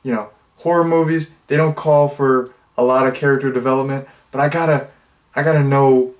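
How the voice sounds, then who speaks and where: A man's voice: mid-range voice, steady tone, a little fast. A man in his twenties giving a casual spoken movie review, rambling with many fillers and restarts. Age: 20s.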